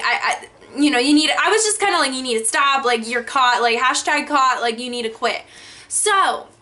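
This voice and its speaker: A young woman telling a storytime vlog, animated, cursing often and filling her talk with "like". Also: high-pitched. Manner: animated, frequent swearing, many filler likes. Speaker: vlogger.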